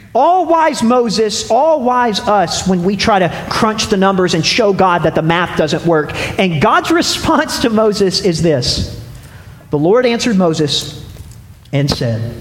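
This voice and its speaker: High-voiced pastor preaching in an echoey hall. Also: male voice, slight background noise. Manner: animated, acts out voices in dialogue. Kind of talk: sermon. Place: church sanctuary. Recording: echoey hall with faint ambience.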